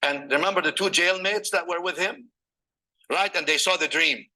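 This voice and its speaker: A man preaches a sermon, telling stories and reciting Arabic scripture between English explanations, often posing rhetorical questions to his listeners. His voice is high with a sharp tone at normal speed, and the audio quality is poor.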